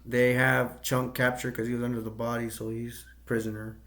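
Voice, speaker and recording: A man retelling a film scene by scene in a loose, rambling way, full of ums and restarts. His voice stays level and even, with little rise or fall. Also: medium pitch, normal speed. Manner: rambling, hesitant, with many fillers and self-corrections. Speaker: movie reviewer. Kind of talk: casual movie plot recap.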